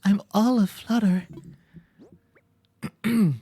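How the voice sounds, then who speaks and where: A man voicing a pompous old male owl museum curator in a fussy, genteel, plummy manner, loud and theatrical with excitable hoots. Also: high-pitched, drawn-out words, husky, dry recording, voice pushed up, exaggerated voice.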